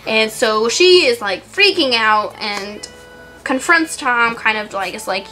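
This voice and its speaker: A woman novelist casually chatting about her book, scatterbrained, with lots of fillers and throat clearing. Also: fairly high pitch, expressive, moderate pace, sharp tone, soft background music, poor audio.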